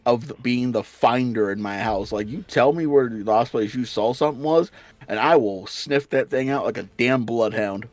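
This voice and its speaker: A man's voice: medium pitch, moderate pace, dry recording. A man chatting as a guest on a stream, teasing with dry humor. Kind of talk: casual chat.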